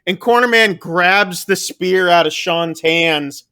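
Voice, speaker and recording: A man with a high, clear, resonant voice takes it slowly as he hosts a podcast. In an animated, casual recap of a horror movie, he goes scene by scene and voices the characters' lines.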